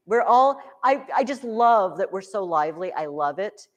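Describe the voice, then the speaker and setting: A woman teacher giving a classroom history lesson, telling the story in an animated, joking way. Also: medium pitch, moderate pace. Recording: echoey room with long reverb.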